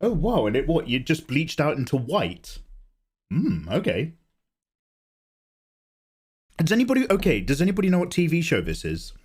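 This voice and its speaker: A young man with a croaky voice, chatting loudly and swearing a lot while he streams himself drawing at home. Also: mid-range voice. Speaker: livestreaming artist. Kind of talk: casual chat while drawing.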